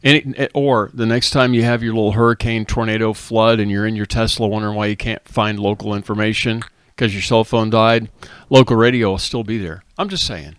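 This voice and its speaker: A man's voice: lowish voice, steady tone, fairly quick, few pauses, clean tone, no echo. Chatty middle-aged male podcast host, dry sound. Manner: chatty storyteller, plugs local radio. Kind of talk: casual chat.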